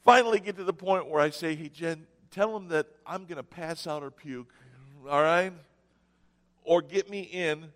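A man preaching a sermon, telling stories with sarcastic mock cheer and dramatic pauses. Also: fairly high pitch, a bit bright, big-room sound. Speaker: pastor. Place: church sanctuary.

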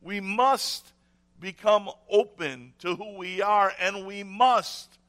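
Earnest preacher guy, bright sharp voice, repeats stuff to hammer it home. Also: sits high, takes it slowly. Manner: earnest, repeats key phrases for emphasis. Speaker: pastor. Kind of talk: sermon.

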